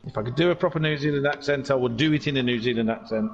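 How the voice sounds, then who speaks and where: A man giving casual, jokey commentary on an online car race, chatty and excitable. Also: mid-range voice, rapid-fire, gravelly, hardly any pauses, lo-fi sound, a little hiss or hum. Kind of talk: casual sim racing commentary.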